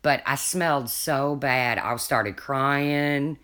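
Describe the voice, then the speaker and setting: Livestreamer, casual chat, rambling storyteller, frequent restarts, mid pitch. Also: slow, fairly bright tone, clear, resonant tone. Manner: chatty, rambling, restarts often, laughs at own stories.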